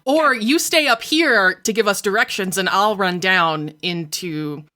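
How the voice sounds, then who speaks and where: A woman playing a tabletop role-playing game, describing her character's actions in a playful, quick-witted way. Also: medium pitch, pushed and bright. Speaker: player.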